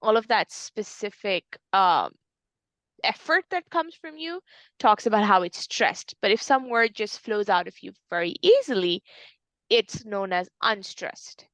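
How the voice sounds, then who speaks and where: A woman tutor talking a student through a poem, explaining with everyday fillers and restarts. Her voice is dry and close, with no room sound. Her pitch sits in the middle. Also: expressive, unhurried, fairly bright tone, no room sound. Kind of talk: online tutoring lesson.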